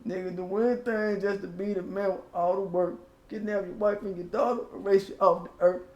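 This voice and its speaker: A man's voice: high-pitched, fairly even intonation, fairly quick, a little mellow, echoey room, lo-fi sound. A man hosting his own channel, giving loose, profane casual commentary and rapping old lyrics along the way. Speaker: channel host.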